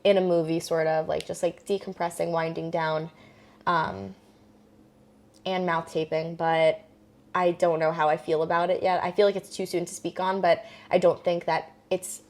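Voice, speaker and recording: A woman's voice: lowish voice, level tone, normal speed, a little mellow. A young woman co-hosting a podcast, chatting casually and bluntly with many filler words. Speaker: podcast co-host. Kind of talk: casual chat.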